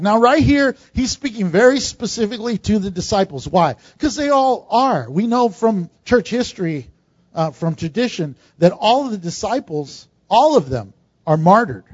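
A man's voice: high voice, very animated, normal speed, no echo. A man preaching a sermon to a congregation in a conversational style, with asides and jokes. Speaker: pastor. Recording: dull, dry recording.

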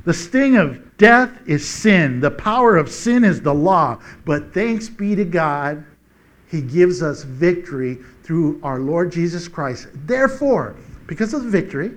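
A male pastor preaching a sermon, telling stories with playful sound effects and slowing down to read scripture. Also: high voice, lively intonation. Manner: slows down for scripture reading.

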